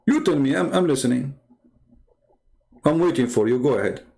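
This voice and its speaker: A man's voice: medium pitch, animated, normal speed, gravelly, a little mellow. A man hosting a religious debate channel, talking in a combative, mocking way full of rhetorical questions, in non-native English. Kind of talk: heated polemical commentary.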